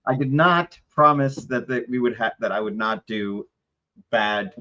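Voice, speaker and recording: A man's voice: medium pitch, a little slow, bright, forceful tone. Male co-host, playful banter, slightly dull recording. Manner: joking banter. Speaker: podcast co-host. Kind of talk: casual chat.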